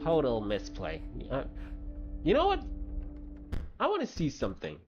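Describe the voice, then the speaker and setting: A man streaming a card game, thinking aloud and reacting quickly in casual commentary. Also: medium pitch, wildly swooping pitch, highs cut off. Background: game music.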